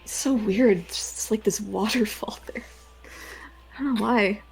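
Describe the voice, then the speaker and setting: A woman's voice: medium pitch, a little slow, gravelly, darkish tone, husky. A woman playing her character in a tabletop game, hesitant and trailing off, with small laughs. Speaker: player. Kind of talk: in-character tabletop role-play.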